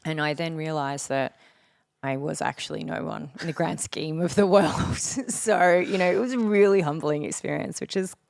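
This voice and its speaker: An Australian woman from Australia, a podcast guest telling stories in frank, casual chat, swearing freely and talking in quick run-on sentences. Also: deep voice, vocal fry, darkish tone, no echo.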